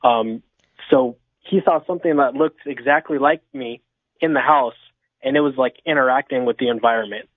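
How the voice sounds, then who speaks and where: A man's voice: mid-range voice, normal speed, no room sound. A man from California calling in to a radio show, telling a story with lots of fillers and restarts. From Inland Empire, California. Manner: rambling, many fillers and restarts. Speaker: caller. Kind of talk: storytelling over the phone. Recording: tinny phone line.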